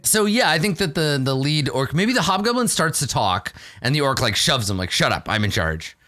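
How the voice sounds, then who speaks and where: A man running a tabletop game as game master, animated and jokey with many fillers. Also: on the high side, a little fast, no room sound, clean studio sound.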